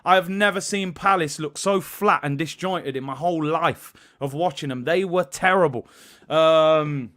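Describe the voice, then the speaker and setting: A man in his early thirties, possibly, hosts a live football watch-along, chatting casually, reading viewers' messages and shouting them out in lively bursts. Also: a little high. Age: 30s. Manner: animated, shouting out viewers and reading super chats. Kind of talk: casual live-stream chat.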